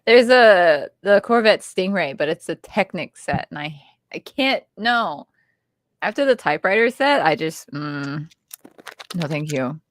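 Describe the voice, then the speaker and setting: A playful woman chatting casually on a livestream, her pitch bouncing up and down as she giggles her way through small talk. She talks over an online call. The sound is dry and close, with no room echo. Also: lively intonation, measured pace. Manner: giggly, playful and easygoing, laughs often. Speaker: co-host.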